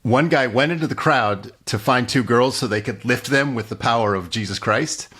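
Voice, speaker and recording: A man's voice: mid-range voice, normal speed, a bit bright, husky. A man co-hosting a comedy podcast, telling stories in a dry, wry way. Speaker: podcast co-host. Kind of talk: casual comedic chat.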